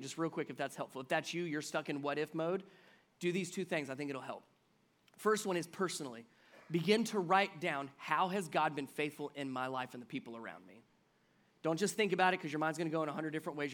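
Middle-aged guy pastor preaching, kinda high voice, gets loud then drops to a whisper. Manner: swings from loud emphatic build-ups to near-whispered pleading. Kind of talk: sermon.

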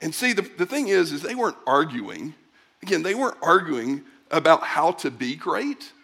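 A man's voice: fairly high pitch, moderate pace, gravelly, slightly rough. A middle-aged man preaching a sermon, talking casually to the congregation and acting out little exchanges in other voices. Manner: conversational, animated preaching with acted-out voices. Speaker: pastor.

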